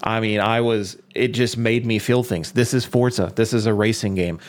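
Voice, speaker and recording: A young man with a fairly low voice chats loosely about games, swearing freely as he gets excited. When he is worked up, his pitch leaps way up. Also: normal speed. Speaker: podcast co-host. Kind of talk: casual gaming chat.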